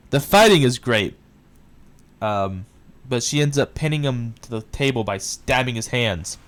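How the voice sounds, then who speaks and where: A man casually recapping a film's plot for a review, excitable and quick to swear. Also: medium pitch, smooth. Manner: excitable retelling, swears often. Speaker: movie reviewer.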